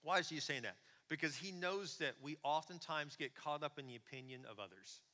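A man preaching a sermon in a conversational, animated way, often asking the congregation questions. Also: on the high side, brisk. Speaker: pastor. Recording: long hall reverb.

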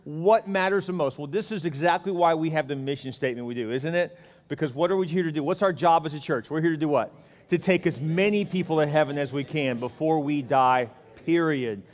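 Man pastor, high voice, joking sermon, rhetorical questions, long church reverb. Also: brisk. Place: church sanctuary.

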